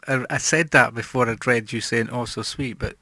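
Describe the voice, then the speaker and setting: A man chatting casually as a music streamer, reading out viewer comments and trailing off quietly. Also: medium pitch, steady tone, moderate pace, dry recording.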